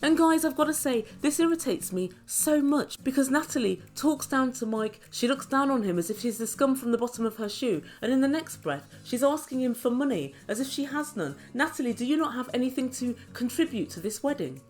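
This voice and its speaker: A woman's voice: high-pitched, lively intonation, fairly quick, few pauses, darkish tone. A woman giving an opinionated, sarcastic recap of a reality show, talking straight to her viewers. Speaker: reality TV reviewer. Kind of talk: chatty commentary recap.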